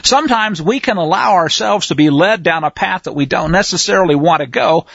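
A man with a high, lively voice leads a scripture lesson in a relaxed, conversational way, pausing to check that his listeners are following. His voice has a husky edge. The recording is dull and lo-fi, with a dry sound. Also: dry recording. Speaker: Bible study teacher.

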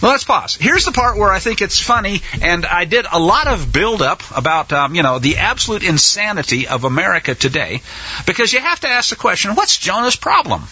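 High-voiced sarcastic male preacher. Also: husky, dry recording, lo-fi sound. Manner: sarcastic, animated storytelling. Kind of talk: sermon.

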